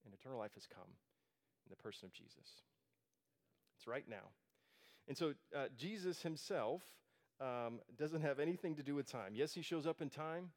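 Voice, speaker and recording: A man's voice: mid-range voice, lively intonation, normal speed, long pauses. A man preaching a sermon as a pastor, earnest, with frequent restarts and fillers.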